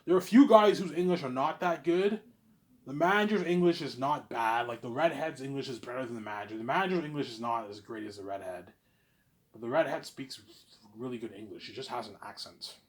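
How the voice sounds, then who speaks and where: A man's voice: medium pitch, fairly quick. Rambling, boastful man talking to camera. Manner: repetitive, boastful, keeps saying obviously; swings between loud bursts and mumbling. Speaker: vlogger. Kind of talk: rambling monologue.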